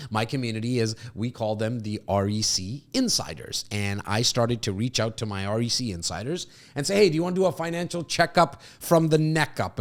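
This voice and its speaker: A man from Canada hosting a podcast, answering a question casually in loose, animated talk with many restarts. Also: lowish voice. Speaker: podcast host and real estate agent.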